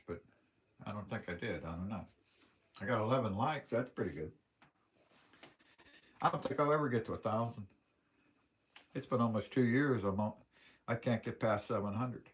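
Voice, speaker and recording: A man with a Western Pennsylvania accent talks on a casual livestream, rambling from one story to the next in a plain-spoken, folksy way. His voice sits a little on the low side. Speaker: livestream host.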